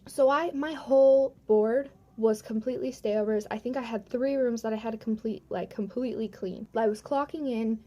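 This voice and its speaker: A woman's voice: fairly high pitch, moderate pace, few pauses, warm tone. A young woman vlogging a storytime from home, retelling events heatedly with lots of swearing and "like". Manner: profane, heated retelling full of "like". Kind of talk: storytime vlog.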